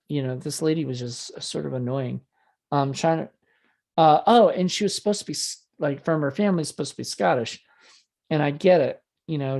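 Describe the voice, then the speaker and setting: Guy rambling thru a movie review, lots of ums and restarts, kinda exasperated and mocking, mid-pitched voice. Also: darkish tone. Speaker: horror film reviewer. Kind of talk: casual spoken film review.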